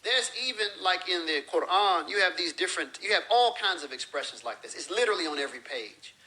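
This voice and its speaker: Bright-voiced man explaining religious language. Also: high voice, animated, fairly quick, low-quality recording. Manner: explains with everyday examples and acted-out phrases. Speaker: religious teacher. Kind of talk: explanatory lecture.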